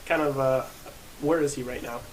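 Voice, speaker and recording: A man's voice: medium pitch, steady tone, normal speed, slight background noise, poor audio. A man playing a tabletop game, describing his moves with hesitant starts and a bold, bluffing manner. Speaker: player.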